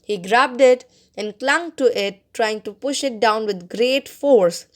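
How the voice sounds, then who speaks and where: A woman narrating a story as an audiobook reader, expressive and bringing out the dialogue. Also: a little high, slow pace.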